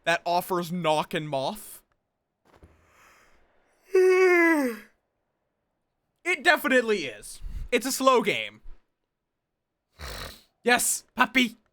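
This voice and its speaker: A man's voice: high voice, very animated, moderate pace, bright, forceful tone, no room sound. A tired man streaming a game, muttering to himself and thinking aloud as he plays. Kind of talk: casual gameplay commentary.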